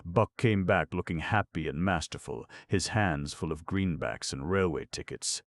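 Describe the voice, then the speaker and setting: A low-pitched man narrates an audiobook, reading in a steady, measured way. The studio sound is clean, with no room sound.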